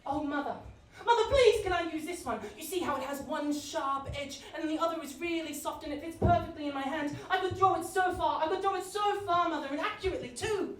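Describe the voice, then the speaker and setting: A man putting on the voice of an eager young boy pleading with his mother, his pitch pushed well up. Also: brisk, distant mic. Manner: whiny, excited pleading. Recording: echoey stage audio, audience noise.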